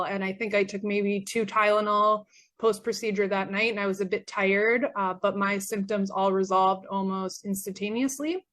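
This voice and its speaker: A young Canadian woman with a mid-range, fairly bright voice gives a personal testimonial as a former patient. Earnest and grateful, she uses lots of fillers as her voice grows worn and starts to give out.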